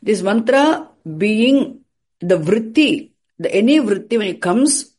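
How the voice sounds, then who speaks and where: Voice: medium pitch, expressive, slow, a little mellow, breathy edge. A teacher giving a classroom lecture, repeating and restarting phrases and posing rhetorical questions before answering them.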